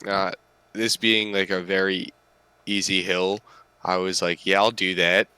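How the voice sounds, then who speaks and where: A young man telling a story in casual podcast chat, relaxed with dry jokes. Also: low-pitched, measured pace, clean tone, dry recording.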